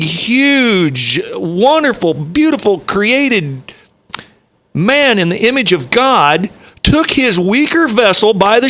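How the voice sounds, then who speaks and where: Male talk host, slightly higher pitch, preachy storyteller who builds to forceful peaks. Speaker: webcast show host.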